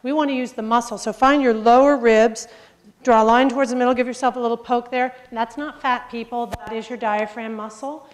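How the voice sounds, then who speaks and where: A woman's voice: fairly high pitch, steady tone, brisk. A woman coaching a group through breathing exercises in a live workshop, upbeat, joking and directive. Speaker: presentation skills coach. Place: large room with a group. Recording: reverberant hall sound.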